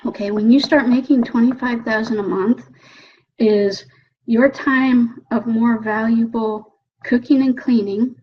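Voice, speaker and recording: A woman coach talks with animated energy, often checking in with "okay?" as she acts out her own excited thoughts. Her voice sits a bit high and carries a husky edge. The recording is dull and lo-fi. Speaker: motivational coach. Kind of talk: motivational talk.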